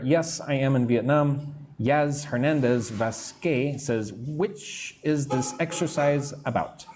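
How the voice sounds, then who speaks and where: A middle-aged American man teaching English on a live stream, answering chat comments and slowly modelling phrases for listeners to repeat. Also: mid-range voice, darkish tone, slight background noise. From United States. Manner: slow, careful modelling of phrases for repetition. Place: room in Vietnam.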